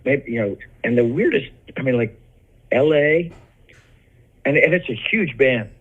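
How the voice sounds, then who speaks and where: A man's voice: mid-range voice, lively intonation, unhurried, breathy edge. An older man, a rock singer, chatting casually as an interview guest and telling rambling stories full of restarts and laughs. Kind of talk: casual anecdotal chat. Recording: dull lo-fi audio.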